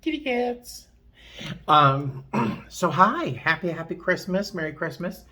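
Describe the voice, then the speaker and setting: A man's voice: a little high, unhurried, bright, forceful tone, slight background noise. A man vlogging from a hotel room in a chatty, rambling way full of fillers. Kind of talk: casual chat to camera.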